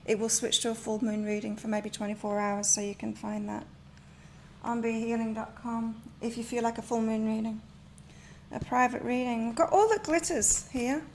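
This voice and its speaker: On a live stream from her home, a woman reads tarot and oracle cards, rambling and chatting as she dispenses spiritual advice. She speaks a little high at normal speed, with fairly even intonation, a darkish tone and slight background noise.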